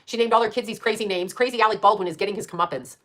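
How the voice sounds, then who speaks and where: Fast-talking blunt, profane woman near sixty. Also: mid-range voice, a bit bright. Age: late 50s. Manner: quick, rambling, laughs at her own jabs. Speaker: channel host. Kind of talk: casual live-stream rant.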